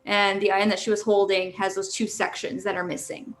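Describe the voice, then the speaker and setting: A woman runs a tabletop game, describing each scene as dungeon master. She pauses on fillers and corrects herself mid-sentence, at an ordinary mid pitch. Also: flat delivery, a bit bright, a little hiss or hum.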